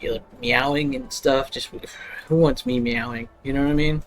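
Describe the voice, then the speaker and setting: A man's voice: medium pitch, normal speed, faint music behind. A young man hosting a live stream, chatting casually with lots of fillers and frequent laughter. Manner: rambling, laughing often, full of fillers. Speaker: livestream host.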